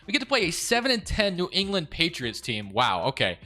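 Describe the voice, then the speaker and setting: A young man giving casual commentary over a football video game, excitable and quick to rant in frustration. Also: a little high. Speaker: gaming YouTuber.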